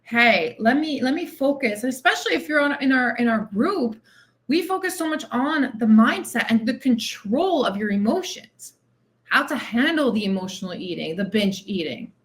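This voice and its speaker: Female coach-host, blunt and motivating, slightly high pitch, punchy repetition. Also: expressive, moderate pace. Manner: direct tough-love, repeats phrases for emphasis. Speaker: weight loss coach and podcast host. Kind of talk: motivational monologue.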